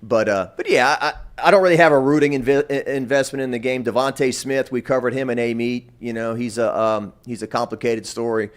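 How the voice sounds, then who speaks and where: Male sports reporter, relaxed stop-start rambling chat. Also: medium pitch, fairly quick, few pauses. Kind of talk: casual sports radio chat.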